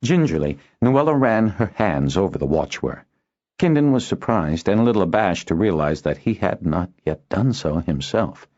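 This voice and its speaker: A man reading an audiobook aloud as narrator, in a steady storytelling delivery. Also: deep voice, moderate pace, lo-fi sound. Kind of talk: scripted narration.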